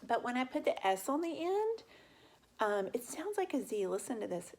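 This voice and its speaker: A woman's voice: a little high, very animated, normal speed, a little mellow. A woman teaching a reading lesson to young children. She talks patiently, draws out letter sounds and asks the children questions.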